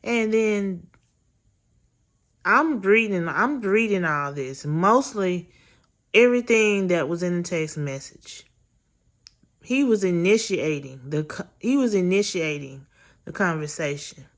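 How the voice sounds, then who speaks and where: A woman's voice: lowish voice, expressive, takes it slowly. A woman casually telling a blunt, profane story to her camera in a storytime vlog.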